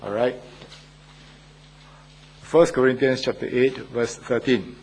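A man's voice: medium pitch, fairly even intonation, takes it slowly, a little mellow, breathy edge. An older man, a church elder, preaching an earnest sermon and asking his listeners questions. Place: Australia.

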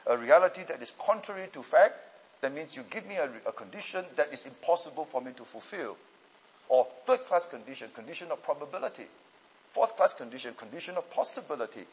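A man teaching a class on Bible languages and preaching, emphatic and deliberate, often checking in with his listeners. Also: fairly high pitch, animated, husky, poor audio.

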